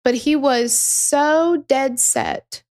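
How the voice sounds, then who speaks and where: A woman's voice: high voice, very slow, darkish tone. A woman hosting a true crime podcast, telling the story in a casual, emphatic way and swearing freely.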